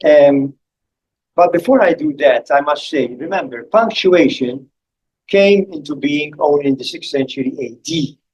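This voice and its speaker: An older man giving a public academic lecture, speaking deliberately with pauses and spelling out letters one by one. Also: fairly high pitch, expressive, darkish tone, husky, lo-fi sound. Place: lecture hall.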